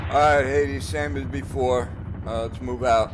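A man's voice: mid-range voice, fairly even intonation, a little slow, noisy background. A man in a tactical military game's voice chat, calling radio check-ins and giving squad orders.

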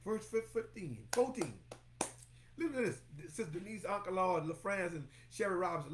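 Animated high-voiced male preacher. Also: moderate pace, a little hiss or hum. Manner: exclamatory, calls out congregants by name; repeats phrases for emphasis, breaks into song snippets. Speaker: pastor teaching Bible study. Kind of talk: lively sermon-style Bible lesson.

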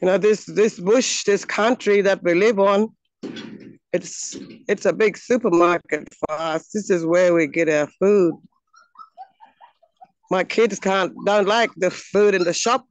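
An Australian woman speaks slowly and earnestly, pausing often between thoughts. Her voice is smooth and clear. The recording is dry, with little sense of the space around her. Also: mid-range voice, no echo, lo-fi sound. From Northern Territory, Australia. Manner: earnest, halting, with frequent pauses. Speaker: speaker at a launch event. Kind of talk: heartfelt personal address. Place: outdoors on her home land.

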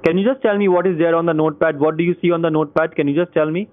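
A man's voice: a little high, fairly even intonation, very fast, dry recording. Pushy man on a phone line. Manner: insistent, repeats questions over and over. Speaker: phone scammer posing as tech support. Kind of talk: pushy scam phone call. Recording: tinny phone line with faint music.

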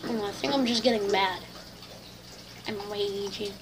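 A woman giving excitable, complaining live commentary over a shooter game she is playing, full of slang. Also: mid-range voice, normal speed, background noise. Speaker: gamer.

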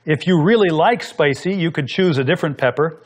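A man's voice: on the high side, a little fast. A man hosting a cooking show, explaining each step in an easy, instructive way while he works. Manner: explanatory, talks while working. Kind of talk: cooking demonstration.

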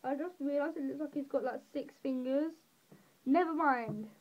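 A teenage girl from southeast England rambles through a colouring tutorial, dropping self-deprecating, giggly asides in her casual voice-over. Her voice sits high and steady, a little fast. The highs in the audio are cut off.

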